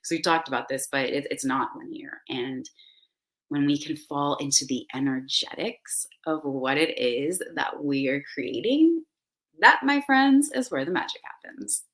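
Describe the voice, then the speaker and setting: Effusive low-voiced woman guiding a meditation. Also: lively intonation, unhurried, fairly bright tone, low-quality recording. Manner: effusive, rambling, full of "like" and "right?". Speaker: spiritual host leading a meditation ceremony. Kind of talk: casual spiritual guidance talk.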